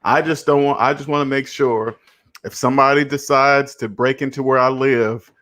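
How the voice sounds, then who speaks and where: Man, host, casual chat, repeats words, plain middle pitch. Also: fairly even intonation, normal speed, fairly bright tone. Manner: repeats words, tags "you know what I'm saying". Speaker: host giving money advice.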